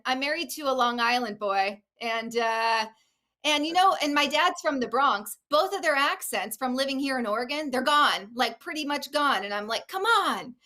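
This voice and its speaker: Female talk host, casual and talkative, crisp bright tone. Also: high-pitched. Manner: chatty, laughs often, reads live comments. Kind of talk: casual live show chat. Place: Oregon.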